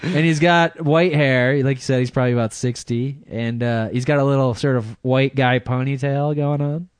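A man's voice: medium pitch, steady tone, moderate pace, clear, resonant tone, dry recording. A man on a podcast, telling a rambling story in casual chat, laughing through it. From Michigan. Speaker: podcast regular.

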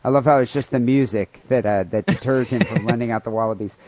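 A man's voice: mid-range voice, fast talker, darkish tone, no room sound. Dry-sounding, crude joking podcast man. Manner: crude, profane joking with mock outrage. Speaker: podcast co-host. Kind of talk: casual comedic podcast banter.

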